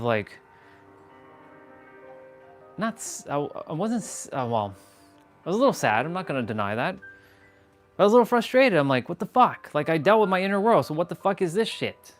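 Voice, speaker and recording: A man's voice: medium pitch, fairly bright tone. A man hosting a casual motivational live stream while walking, blunt and emphatic, swearing freely. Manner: talks while walking on a step count.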